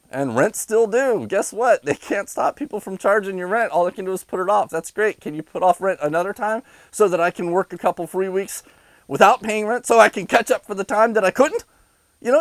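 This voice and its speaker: A man's voice: on the high side, no room sound, rough recording. Angry ranting man, dry close sound. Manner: heated, sarcastic, insulting, with bitter laughs. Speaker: vlogger.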